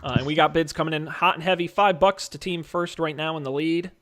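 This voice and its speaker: A man's voice: a little high, fairly even intonation, a bit bright. A man hosting a casual podcast, calling out bids like an auctioneer and joking along the way. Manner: joking, quick auctioneer patter. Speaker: podcast host running a movie draft auction.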